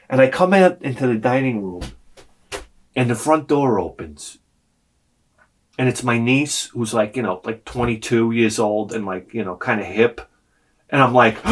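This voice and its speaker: A man's voice: medium pitch, a bit bright. A middle-aged man, telling a comic story in a vlog, swearing freely and acting out the voices he quotes. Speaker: vlogger.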